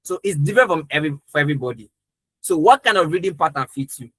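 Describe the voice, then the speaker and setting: A man's voice: on the high side, lively intonation, fast talker, fairly bright tone, breathy edge, no room sound, rough recording. A young adult man, a trainer, telling a personal story in an earnest, emphatic way during a live training talk.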